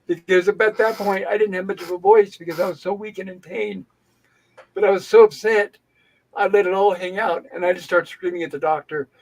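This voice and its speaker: High-voiced man telling an indignant story. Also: fairly quick, rough recording. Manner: animated, indignant venting with acted-out dialogue. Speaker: livestream host. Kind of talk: casual storytelling chat. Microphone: home livestream setup.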